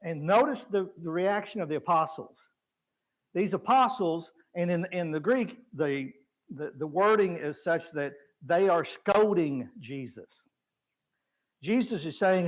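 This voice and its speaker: Teaching a Bible class in conversational style, this preacher speaks at a moderate pace in a voice that sits high. He brings the story's people to life through lively vocal shifts, chuckling now and then.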